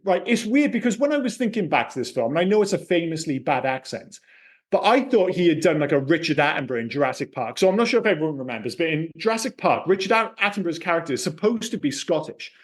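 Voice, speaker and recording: A man co-hosting a casual film podcast, talking in an animated, opinionated way and swearing freely. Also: on the high side, fast talker. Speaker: podcast co-host.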